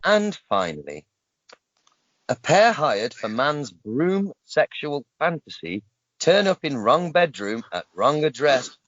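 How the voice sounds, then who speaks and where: Male podcast host, animated delivery, jokey news reads, dry lo-fi mic. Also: on the high side, slow, no room sound. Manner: joking, often laughing mid-sentence. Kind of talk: casual chat reading news stories aloud.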